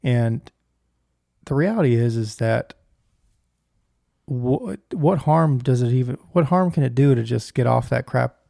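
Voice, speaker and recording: A man's voice: medium pitch, expressive, unhurried, gravelly, warm tone, no echo, clean studio sound. A man co-hosting a podcast, giving emphatic opinions with stammering restarts. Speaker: podcast co-host. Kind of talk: casual chat.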